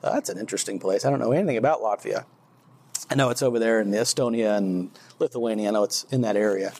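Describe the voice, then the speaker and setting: A man's voice: on the low side, quick pace, a little mellow. A man giving an informal, rambling faith testimony to a group, often restarting his sentences and laughing at himself. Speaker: church speaker.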